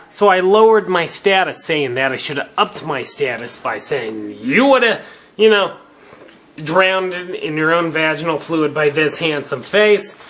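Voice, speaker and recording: A man's voice: on the high side, fairly bright tone. A drunk man ranting to camera in a crude, cocky, rambling way, swearing constantly. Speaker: vlogger. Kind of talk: rambling profane rant to camera.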